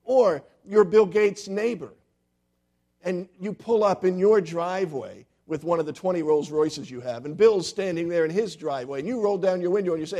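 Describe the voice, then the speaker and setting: A male pastor delivers a sermon in a somewhat high voice. He tells stories and acts out the characters with animated quoted lines. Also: normal speed. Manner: storytelling with lively quoted voices.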